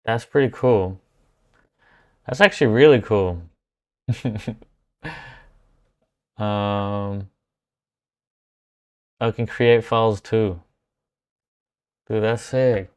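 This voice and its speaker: A man hosting a live stream, chatting casually and thinking aloud as he tries out software. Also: lowish voice, very slow, long pauses, clear, resonant tone. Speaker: livestream host testing software.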